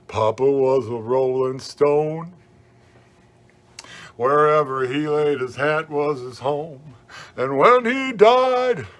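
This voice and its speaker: A man's voice: medium pitch, close to an everyday voice. A man playing a happy hobo clown as guest host of a family comedy show, rambling folksy stories and corny jokes. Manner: rambling, folksy, jokey, chuckling.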